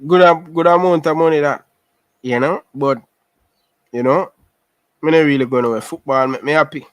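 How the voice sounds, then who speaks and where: Jamaican male streamer, casual chat, slightly high voice, dry close sound. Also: normal speed, dry recording. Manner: chatty, repeats himself, addresses viewers by name. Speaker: livestream host. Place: living in Canada.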